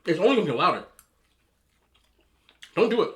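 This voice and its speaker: A man in his thirties eating on camera, giving emphatic, animated relationship advice to other men and telling stories in a casual chat. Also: high voice, normal speed, pauses often. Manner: storytelling with repeated disapproving hums. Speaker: mukbang vlogger.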